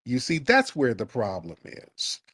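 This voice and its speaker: A man's voice: medium pitch, huge pitch swings, unhurried, fairly bright tone, breathy edge, dry recording. A man hosting a call-in show, ranting in a mocking, heated way at a caller. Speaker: host.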